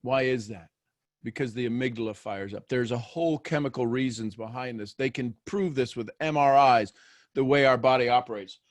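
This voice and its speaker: A man's voice: mid-range voice, moderate pace, no echo. A man hosting a daily motivational show, talking live to listeners. He keeps asking them questions and repeats phrases as he builds each point.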